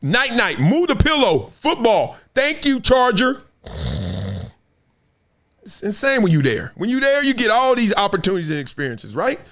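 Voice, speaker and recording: A middle-aged man hosting a talk show, telling stories with big high bursts, low asides and frequent laughter. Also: big pitch swings, fairly quick, hardly any pauses, a bit bright. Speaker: show host. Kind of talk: animated solo commentary.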